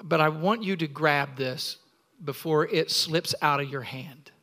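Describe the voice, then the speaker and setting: A man's voice: a little high, unhurried, pushed and bright. A middle-aged male pastor preaching a sermon in a church, exuberant and playful, calling on the congregation to respond.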